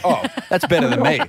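A man's voice: high voice, fairly bright tone, breathy edge, no room sound. A man with an Australian accent co-hosting a radio show, joking cheekily and laughing often. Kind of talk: casual radio banter.

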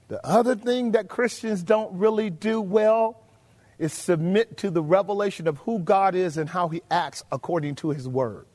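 A man preaching a sermon, emphatic and full of rhetorical questions to his congregation, drawing out key phrases slowly. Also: high-pitched. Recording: long hall reverb.

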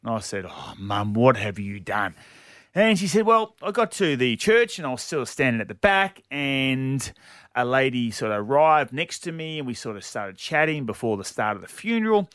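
Animated Australian man, radio co-host. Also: mid-range voice, normal speed, no echo, clean studio sound. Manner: animated, laughing often while telling a story. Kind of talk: casual radio chat and storytelling.

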